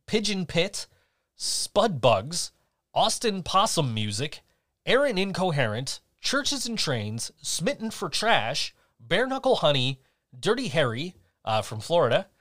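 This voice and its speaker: A man's voice: fairly high pitch, fairly bright tone. A man co-hosting a podcast in casual chat, rambling, swearing freely and laughing often. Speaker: podcast co-host.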